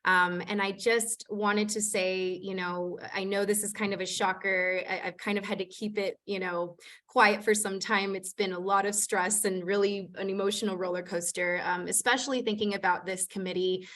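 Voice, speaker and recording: A woman's voice: medium pitch, steady tone, moderate pace, a bit bright. A woman, a city planner, leading a community committee meeting over a video call, chatty with many filler words. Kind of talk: online meeting facilitation.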